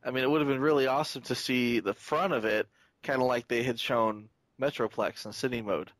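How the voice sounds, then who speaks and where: A man's voice: mid-range voice, fairly even intonation, brisk, fairly bright tone, no room sound. A man co-hosting a podcast, chatting casually with wry, joking asides. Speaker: podcast co-host. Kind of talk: casual chat.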